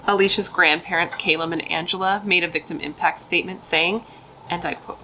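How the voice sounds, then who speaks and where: A woman's voice: lowish voice, steady tone, fairly quick, pushed and bright, a little hiss or hum, low-quality recording. A young woman casually telling a true crime story, emphatic and chatty, swearing and saying dude and like.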